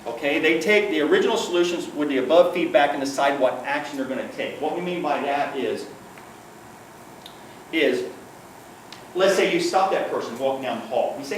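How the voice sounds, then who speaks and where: A man's voice: fairly high pitch, brisk. A man giving a conversational workplace-safety training talk, often checking in with "okay?" and acting out quotes. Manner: checks in with the audience with frequent "okay?"; storytelling with acted quotes. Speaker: workplace safety trainer, former police liaison officer. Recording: echoey room, far from the mic, faint noise.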